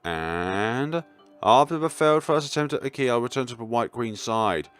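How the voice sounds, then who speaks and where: A young man reading a visual novel aloud, throwing in animated asides and jokes. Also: mid-range voice, normal speed, clear, resonant tone, faint music behind. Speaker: gaming YouTuber.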